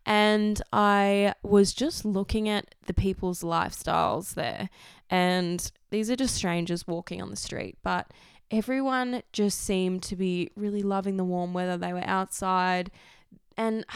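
A young Australian woman chats in a loose, rambling, personal way, dropping the odd swear word and laughing easily. Her voice is very smooth and resonant, and it sits close and dry with no room sound around it. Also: mid-range voice, dry recording. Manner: rambling, candid, swears freely, laughs often. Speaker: vlogger. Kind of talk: casual personal chat.

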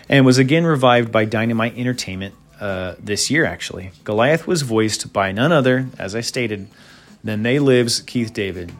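Rambling man in a casual monologue. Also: fairly low pitch. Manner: rambling with asides and fillers. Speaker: host.

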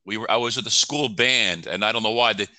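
Guy, 50s, halting casual chat, low-ish but very sharp bright voice. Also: no echo. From United States. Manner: relaxed, halting, trails off. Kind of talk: casual conversation.

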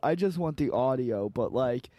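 A man's voice: mid-range voice, lively intonation, normal speed, warm tone, no echo, studio quality. A man co-hosting a podcast in casual, crude chat, joking and laughing often with many fillers. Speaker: podcast co-host.

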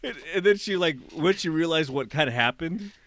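A man tells a story on a podcast with a lively, swinging pitch. He laughs often and acts out the people in his story. The sound is dry and close on a studio mic. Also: fairly quick, no room sound. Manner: animated, laughing storyteller who acts out quotes. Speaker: podcast co-host. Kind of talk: casual storytelling chat.

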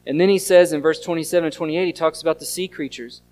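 A pastor, preaching an earnest sermon that mixes scripture reading and storytelling. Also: male voice, fairly high pitch, steady tone, fast, darkish tone. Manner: earnest teaching tone, reads scripture aloud and tells stories.

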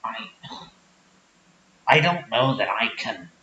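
A performer voicing a meek, halting rural man from West Virginia, in a roomy, dull lo-fi recording. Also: mid-range voice, sing-song, bright, forceful tone, a little hiss or hum, pitched below the performer's own voice, heavily acted. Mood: bewildered. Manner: halting, stammering, apologetic.

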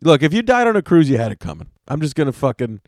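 A man's voice: a little high, big pitch swings, fast, darkish tone, no room sound, studio quality. A man hosting a solo podcast, talking in a casual, rambling and exasperated way, full of swearing. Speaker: podcast host.

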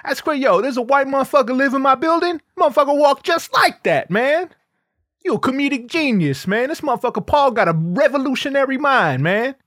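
A man voicing an excited young male audience member who talks in loud, amazed street slang. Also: very high voice, fairly quick, dry recording, clean studio sound, pitched above the performer's own voice, full character voice.

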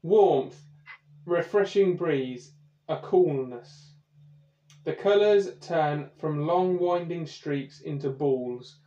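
Brief: male game master for a comedy podcast, slow deliberate narration, dull echoey recording. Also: fairly high pitch, warm tone.

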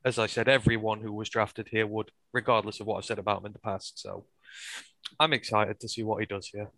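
Low-voiced man, frank and emphatic. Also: level tone, fairly quick, vocal fry, a bit bright, dry recording, low-quality recording. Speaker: podcast co-host. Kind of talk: casual sports discussion.

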